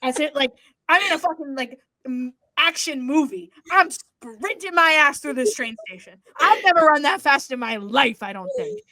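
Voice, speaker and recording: A young woman co-hosting a podcast, telling a story in casual chat, animated and swearing freely as she acts out what people said. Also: sits high, moderate pace, no echo. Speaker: podcast co-host.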